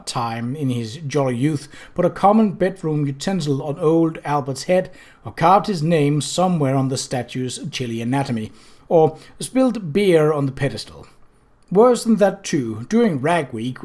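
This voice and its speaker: An even, mid-pitched reader telling a comic fantasy story in a dry, steady way. The reading moves along at an easy pace, with a stumble now and then. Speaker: audiobook reader. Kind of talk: audiobook reading.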